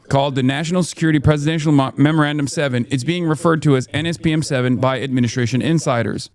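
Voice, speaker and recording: Man, news commentary, fast, slightly high voice, pointed delivery.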